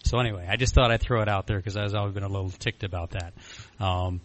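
A man with a very low voice talks in a loose, candid way. He rambles, restarts his sentences and fills the gaps with ums. He is from Michigan. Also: steady tone, fast. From Flint, Michigan. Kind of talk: casual personal talk.

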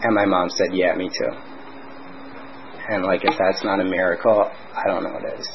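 A man's voice: deep voice, little pitch movement, moderate pace. A young man candidly sharing his recovery story at a twelve-step meeting, talking conversationally with lots of "like" and "you know". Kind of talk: personal recovery share. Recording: dull lo-fi recording with faint noise.

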